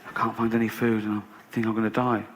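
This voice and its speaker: Lazy slacker mouse from a stand-up story, careless and crude, voiced by a British comic. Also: male voice, lowish voice, completely flat delivery, fast talker, a little hiss or hum, close to an everyday voice. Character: lazy carefree male mouse, later starving.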